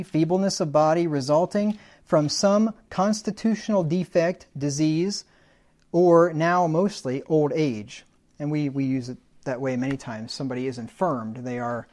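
A man's voice: on the high side, a little mellow. A man preaching a sermon in a conversational teaching manner, defining words and adding folksy humorous asides.

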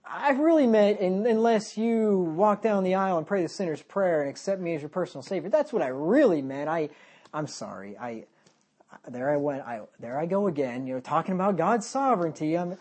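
A man's voice: high-pitched, animated, fairly quick, darkish tone, husky. A man mocking a sheepish, grovelling apologizer. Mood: mock apologetic. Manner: sarcastic, mock-pleading.

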